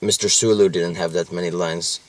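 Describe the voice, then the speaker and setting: A man with a lowish voice rambles through a casual podcast chat, stopping and restarting his sentences and laughing often. The sound is dry and close, with no room around it. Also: steady tone, normal speed, no echo. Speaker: podcast co-host.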